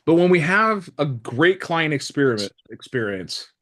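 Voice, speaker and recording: Lively man teaching a real estate class. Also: on the high side, normal speed. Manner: lively, acts out dialogues, blunt jokes. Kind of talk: live training talk to a room.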